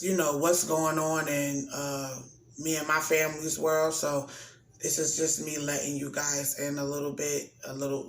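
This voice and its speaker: A young man in a casual, rambling personal video, talking slowly and getting emotional as he speaks. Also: fairly high pitch, creaky, a bit bright. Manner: casual, rambling, keeps saying "you know what I'm saying". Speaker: vlogger. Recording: echoey room with faint background hiss.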